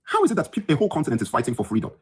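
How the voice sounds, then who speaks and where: A man's voice: fairly high pitch, huge pitch swings, very fast, breathy edge. A man hosting a podcast, ranting heatedly into his phone from his bedroom, just woken up, indignant and emphatic and repeating lines for effect. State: just woke up. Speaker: podcast host. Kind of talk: heated solo livestream rant.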